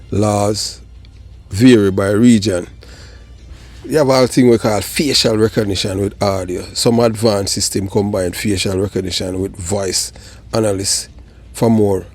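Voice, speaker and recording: Gravelly Jamaican man, low husky voice. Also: a little mellow. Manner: rambling, mixes Jamaican patois into explanations. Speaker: channel host. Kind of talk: casual commentary.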